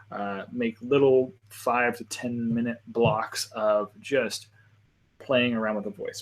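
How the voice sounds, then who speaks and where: A man hosting a live panel discussion, talking casually and at length in a friendly, rambling way with lots of fillers. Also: mid-range voice. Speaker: panel host.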